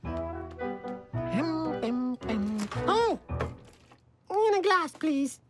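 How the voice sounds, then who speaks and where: A woman voicing a prim little cartoon mouse who patiently teaches manners, correcting gently and giggling. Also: high voice, sing-song, extremely slow, heavily acted. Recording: cartoon soundtrack with music.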